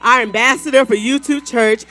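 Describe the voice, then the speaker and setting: A woman's voice: a little high, normal speed. A woman hosting a women's Bible study gathering, hyping up the audience and calling for applause. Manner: animated, hypes the crowd with whoops. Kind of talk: lively church event hosting. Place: event hall with live audience.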